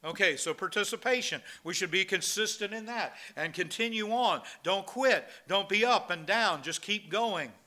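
A man's voice: sits high, moderate pace, few pauses, bright, forceful tone. A man preaching a sermon as pastor, reading scripture and speaking with many fillers and restarts. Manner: reads scripture in King James wording, with frequent fillers and restarts.

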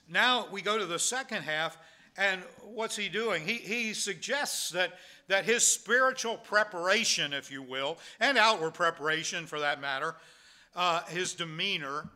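Here a pastor with a high, bright, forceful voice preaches conversationally. He throws out rhetorical questions and keeps restarting his sentences.

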